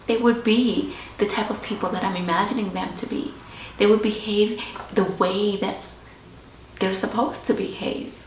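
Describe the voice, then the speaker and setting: A woman host sharing a personal story in a slow, reflective, confessional way. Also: mid-range voice, fairly even intonation. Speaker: podcast host. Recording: roomy echo with faint background hiss.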